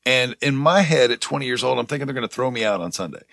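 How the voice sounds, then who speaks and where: Fast-talking gravelly young man telling a story. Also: medium pitch, dry recording, studio quality. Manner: animated storyteller, swears a lot, gets heated. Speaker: podcast co-host. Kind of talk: casual storytelling chat.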